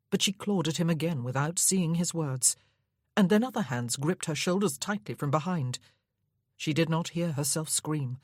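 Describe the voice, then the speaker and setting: Low, husky woman reading a romance. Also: normal speed, darkish tone, no room sound, studio quality. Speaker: audiobook narrator. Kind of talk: reading a Regency romance novel aloud.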